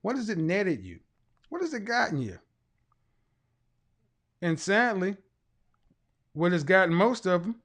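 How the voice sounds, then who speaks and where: Emphatic middle-aged man lecturing, fairly high voice. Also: big pitch swings, unhurried, pauses often, fairly bright tone. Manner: emphatic, repeats points for weight. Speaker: talk show host. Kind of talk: lecturing commentary monologue.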